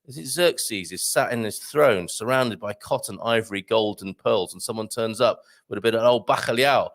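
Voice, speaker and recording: A man's voice: fairly low pitch, moderate pace. A man hosting a casual livestream, rambling in a jokey way and reading out viewer comments. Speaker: livestream host. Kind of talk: casual live-stream chat.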